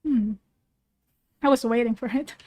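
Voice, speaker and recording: A woman with a high, bright-toned voice chats along with a video she is watching. She talks slowly and drawls her words. Her manner is playful and goofy, full of silly interjections. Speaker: vtuber reacting to a video. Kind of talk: casual reaction chat.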